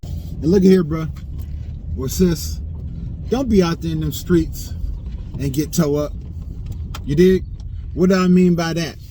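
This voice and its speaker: A man's voice: on the high side, a little slow, long pauses, warm tone, slight background noise, low-quality recording. A man preaching a motivational message in slangy street talk, emphatic and repetitive, often asking "you dig?". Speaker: online preacher.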